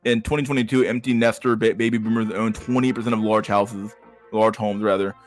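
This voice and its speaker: A man's voice: fairly low pitch, steady tone, a little fast, faint music behind. Profane man riffing on the news. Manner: profane, slangy asides. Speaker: podcast host. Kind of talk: reading a news article with casual commentary.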